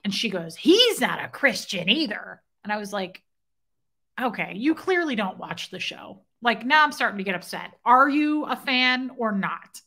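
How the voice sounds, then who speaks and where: A woman's voice: on the high side, lively intonation, moderate pace, sharp tone. A woman hosting a casual livestream from home, animatedly retelling a story and thanking viewers by name. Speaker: livestream host. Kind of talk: casual live-chat storytelling.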